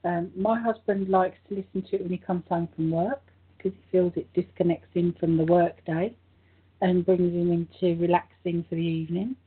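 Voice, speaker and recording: A woman co-hosting a spiritual talk show, her voice croaky, gently guiding listeners through a meditation. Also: lowish voice, fairly even intonation, moderate pace. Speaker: co-host. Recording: tinny phone-like line.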